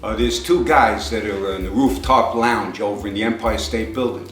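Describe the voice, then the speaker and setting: A man's voice: on the low side, moderate pace, echoey room, loud music behind the voice. New man telling rambling jokes. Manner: rambling storyteller, acts out characters in raised voice. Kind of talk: joke telling.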